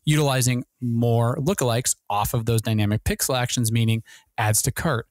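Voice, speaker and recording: A man hosting a marketing podcast, talking very fast with many restarts and fillers. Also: mid-range voice, steady tone, no echo. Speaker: podcast host and ad consultant.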